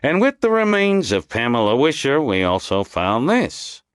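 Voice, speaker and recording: A man voicing an irritable, gruff male police lieutenant who talks bluntly and impatiently. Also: medium pitch, huge pitch swings, normal speed, no room sound, clean studio sound, pitched above the performer's own voice. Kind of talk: audiobook character voice.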